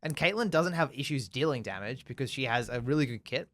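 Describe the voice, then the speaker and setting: A man co-hosting a gaming podcast, talking in a quick, animated, casual way and agreeing often. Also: medium pitch. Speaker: podcast co-host.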